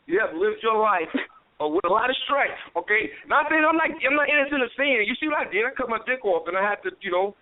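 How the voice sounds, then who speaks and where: A man's voice: sits high, expressive, fast talker. A man being interviewed as a comedian guest, rambling and boastful with stammering restarts. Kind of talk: casual phone-in interview. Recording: tinny phone line on radio.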